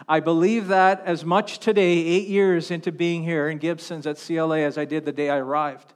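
A male pastor delivers a sermon in a church on a wireless mic. His voice sits high, and his delivery swings between fervent loud passages and soft, hushed ones. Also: steady tone, normal speed, few pauses, smooth. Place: church sanctuary. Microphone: wireless handheld mic.

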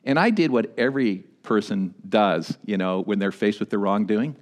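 A pastor delivering a sermon, swinging between emphatic high points and quieter, low-voiced storytelling. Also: male voice, normal speed, few pauses. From Canada. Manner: animated preaching, rising to emphatic peaks and dropping low for stories.

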